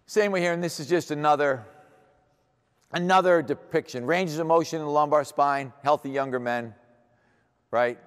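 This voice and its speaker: A man's voice: fairly high pitch, moderate pace, long pauses, smooth. Blunt older man lecturing in a hall. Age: 60s. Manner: blunt, emphatic, rhetorical questions. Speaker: strength coach lecturing. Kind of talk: seminar lecture. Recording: echoey hall reverb.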